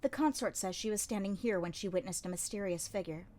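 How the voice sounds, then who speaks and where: Meek lady-in-waiting read by a woman, formal, quiet. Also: medium pitch, fast, close to an everyday voice. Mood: subdued. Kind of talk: audiobook character reading.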